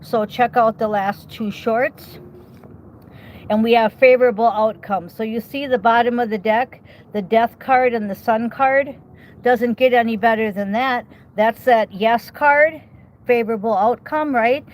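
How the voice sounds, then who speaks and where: A woman's voice: fairly high pitch, unhurried, low-quality recording. A woman giving a casual tarot reading outdoors, chatty and reassuring, often checking in with the listener. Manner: chatty, reassuring, many okays and rhetorical questions. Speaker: tarot reader.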